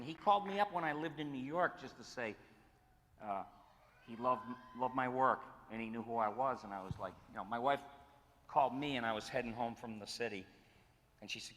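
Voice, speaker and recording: Bright, animated man in his sixties. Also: medium pitch, a little fast. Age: 60s. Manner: animated, acts out quotes, restarts phrases. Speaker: guest voice actor on a convention panel. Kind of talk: storytelling in a panel Q&A. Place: convention panel hall. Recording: echoey hall with faint noise.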